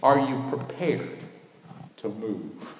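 A man preaching a sermon in a church while the congregation answers him, leaning hard on key words and drawing them out slowly. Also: medium pitch, expressive. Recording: echoey hall with faint background noise.

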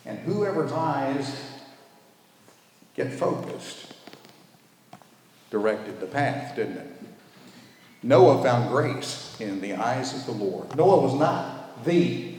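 A man preaching a sermon in a church while the congregation answers him, leaning hard on key words and drawing them out slowly. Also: medium pitch, a little mellow. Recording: echoey hall with faint background noise.

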